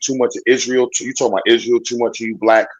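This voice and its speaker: Fast-talking husky man. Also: medium pitch, no echo, lo-fi sound. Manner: blunt, excitable, slangy. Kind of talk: casual chat.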